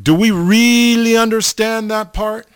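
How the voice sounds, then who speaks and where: A man preaching an informal sermon, slow and halting, often pausing and restarting as he addresses his listeners. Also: high-pitched, smooth, dry recording. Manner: slow, halting, repeats the audience name often.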